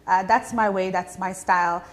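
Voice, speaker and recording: A woman with a South African Indian English accent, a comedian being interviewed, telling stories in an animated, chatty way with many fillers. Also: lowish voice, normal speed. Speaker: comedian guest. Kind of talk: casual interview chat.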